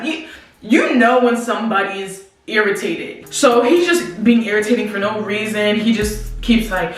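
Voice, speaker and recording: Young woman telling a storytime, slangy and animated, talking to y'all, mic kinda far, real echoey room with faint music under it. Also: mid-range voice, moderate pace. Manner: animated, slangy, talks straight to viewers. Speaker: vlogger. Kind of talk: casual storytelling to camera.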